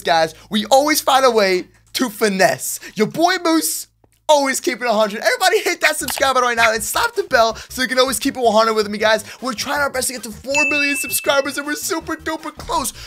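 Excitable male gaming YouTuber, lively swooping delivery, slangy hype commentary. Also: very high voice. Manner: hyped, slangy, excitable, talks to viewers. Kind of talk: Minecraft gameplay commentary.

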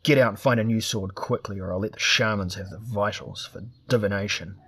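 A man's voice: fairly low pitch, a little fast, fairly bright tone, slightly rough. A man voicing a gaunt, cruel barbarian warlord who talks with harsh contempt. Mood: contemptuous.

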